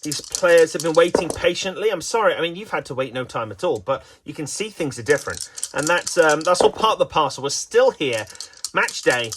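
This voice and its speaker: A man's voice: a little high, background noise. A man giving playful, self-mocking mock sports commentary on a dice game.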